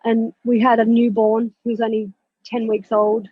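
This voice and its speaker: Woman, high voice, animated storyteller, candid, dry close sound. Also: normal speed, slightly rough, dry recording, narrow, tinny audio. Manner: animated, candid, swears and laughs while recounting. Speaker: podcast guest, spiritual mentor. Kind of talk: personal storytelling in an interview.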